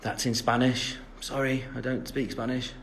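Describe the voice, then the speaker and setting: A man's voice: mid-range voice, flat delivery, normal speed, fairly bright tone, a little hiss or hum. A man in his twenties from England, chatting casually on a phone livestream while answering fan comments, rambling with lots of fillers and joking at his own expense. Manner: jokey, laughing at himself.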